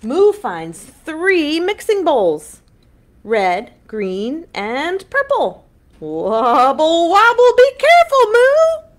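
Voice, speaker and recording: Lively high-voiced woman reading to children. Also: extremely slow. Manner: animated, exaggerated sing-song delivery for young children. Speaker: children's librarian hosting storytime. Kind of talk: online children's storytime read-aloud.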